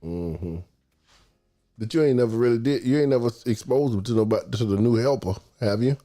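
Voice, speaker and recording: A man's voice: medium pitch, fairly quick, mellow. A man hosting a casual podcast about dog training, talking in teasing, slangy banter.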